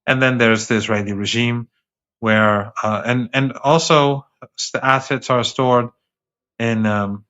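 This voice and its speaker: A man speaking as a guest analyst in a remote interview, talking fast and emphatically with rhetorical questions and frequent restarts. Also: mid-range voice, steady tone, bright, forceful tone. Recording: dull lo-fi remote audio.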